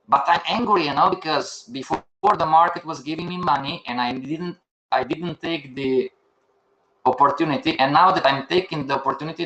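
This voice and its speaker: A man's voice: on the high side, bright, forceful tone. An older man teaching a live online class, firing questions at the students and answering them himself. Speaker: trading instructor. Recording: echoey room.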